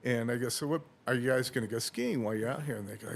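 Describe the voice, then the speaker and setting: A man's voice: medium pitch, fast. A man on a podcast telling a long anecdote in casual chat, acting out dialogue and laughing often. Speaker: podcast host.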